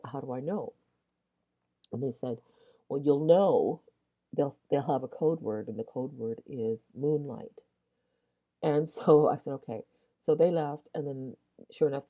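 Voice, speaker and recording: A woman hosting a Christian video, telling a personal testimony in a rambling way, full of restarts and asides, while yawning and clearing her throat. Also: rumbling low. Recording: dull lo-fi sound.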